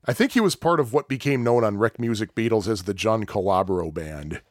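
A chatty male storyteller with a lowish, mid-range voice talks fairly quickly in a casual chat. He rambles animatedly, laughing often and acting out quotes. The recording is dry and close, with no room sound.

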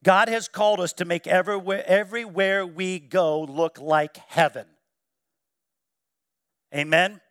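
A high-pitched male pastor delivers an emphatic sermon, rising to loud exclamations and dropping to hushed quotation. The sound is close and dry, with little room echo. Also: fairly even intonation, a little slow, pauses often, smooth. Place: church sanctuary.

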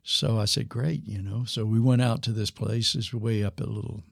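An older man telling a story in an unhurried way, with a gravelly, husky low voice and a dry sound close to the mic. He acts out the quoted lines of the people he describes. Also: fairly even intonation, no room sound. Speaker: guest, former missionary pastor. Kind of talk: storytelling in a podcast interview.

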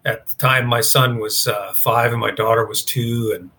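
A man's voice: medium pitch, fairly even intonation, normal speed, pushed and bright. A man, a guest in an interview, recounting a story in a casual, rambling way with lots of fillers. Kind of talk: storytelling in conversation.

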